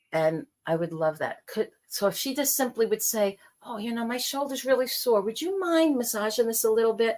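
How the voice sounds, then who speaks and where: Middle-aged woman guest, animated storyteller who plays out quoted voices, slightly high pitch. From New York. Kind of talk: casual conversation.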